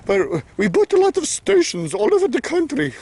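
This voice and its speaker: A man's voice: very high voice, huge pitch swings, moderate pace, darkish tone, slightly rough, no echo, voice pushed up, heavily acted. A man putting on a Minnesota accent to voice a fussy male corporate money-man who frets over debt. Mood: fretting. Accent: Minnesota, put on.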